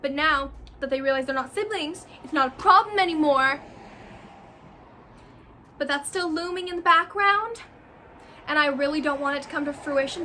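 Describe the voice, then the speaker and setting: A woman's voice: high voice, bright, forceful tone, slight background noise. A woman talking casually about a book she loves, rambling off the cuff, effusive and repeating phrases for emphasis. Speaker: book vlogger.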